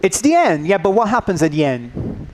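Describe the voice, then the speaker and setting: Upbeat, high-voiced teacher trainer. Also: male voice, very animated, normal speed, a little mellow, a little hiss or hum. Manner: checks in often with "yeah?", coaxing and upbeat. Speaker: teacher trainer leading a workshop. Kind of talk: interactive workshop talk. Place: workshop room with an audience.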